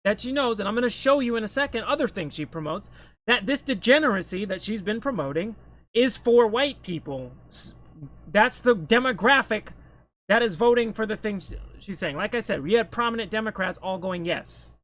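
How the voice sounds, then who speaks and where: A man's voice: sits high, animated, moderate pace, a bit bright. A man giving blunt, scornful opinion commentary to camera, swearing freely.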